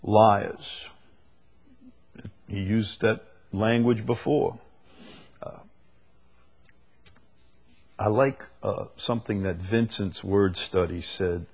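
A man gives a verse-by-verse Bible lesson to a group in a low, slightly husky voice. He is earnest and circles back to repeat key phrases, and he slows down to read each scripture passage. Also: steady tone, darkish tone. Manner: speaks to a live group. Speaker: Bible teacher.

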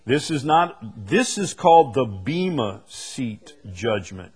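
A man preaching a sermon, reading scripture slowly and building to sudden emphatic rises on key words. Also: mid-range voice, sing-song, husky, soft background music. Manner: slow deliberate delivery with sudden emphatic rises; reads scripture aloud in slow stretched phrases.

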